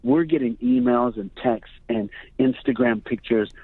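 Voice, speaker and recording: Over a dry, tinny phone line, a school-assembly speaker shares stories in an earnest, preacherly manner during an interview. His mid-range voice is sing-song, husky, and measured, with vocal fry and no room sound.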